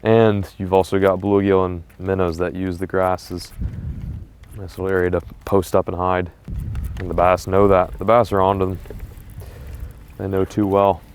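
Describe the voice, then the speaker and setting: Excitable man fishing from a boat, low voice. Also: normal speed, long pauses, slight background noise. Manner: excitable, talks to fish and trees, slangy. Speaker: fishing vlogger. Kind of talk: casual running commentary while fishing. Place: outdoors on a boat on a lake.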